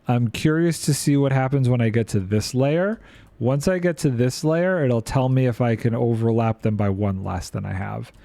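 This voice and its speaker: A man's voice: mid-range voice, moderate pace, gravelly, dark tone, no room sound. A man streaming a building game, chatting playfully and thinking aloud while reading chat. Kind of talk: casual gameplay commentary.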